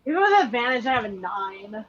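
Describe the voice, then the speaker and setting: High-pitched woman on a dull mic. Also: sing-song, a little fast, a bit bright. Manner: chatty, apologetic, giggly. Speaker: player. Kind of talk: casual tabletop play. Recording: dull, faulty microphone.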